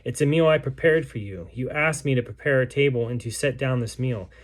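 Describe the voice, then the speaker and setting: A man's voice: medium pitch, a little fast, lightly acted. A man reading aloud the words of a starving, grief-stricken mother in a besieged city, in a solemn, pleading way. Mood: bitter, accusing.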